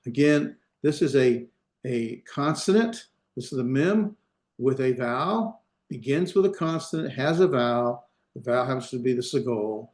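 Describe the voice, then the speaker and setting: A man's voice: medium pitch, lively intonation, moderate pace, darkish tone, echoey room. A man teaching an online class, explaining step by step with patient repetition and many fillers, heard over a video call. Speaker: Hebrew instructor.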